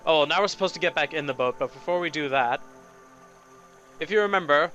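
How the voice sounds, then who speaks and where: A man's voice: on the high side, fast talker, pushed and bright, highs cut off. A man doing playful, amused commentary while playing a video game. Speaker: let's play host. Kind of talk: casual gameplay commentary. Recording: voice over game music.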